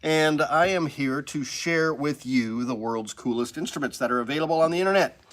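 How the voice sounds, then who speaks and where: A man's voice: a little high, normal speed, a bit bright. A man from the hosting a casual live stream from a music store studio, upbeat and rambling.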